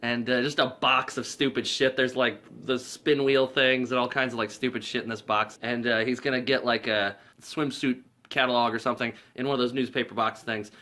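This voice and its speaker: A man's voice: medium pitch, level tone, brisk, few pauses, sharp tone. A man giving a casual movie recap as a reviewer, rambling and profane, with lots of filler words.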